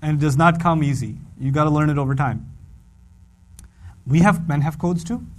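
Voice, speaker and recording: Animated high-voiced man lecturing. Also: normal speed, long pauses. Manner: animated, acts out quoted voices, repeats for emphasis. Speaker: Quran teacher. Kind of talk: humorous religious lecture.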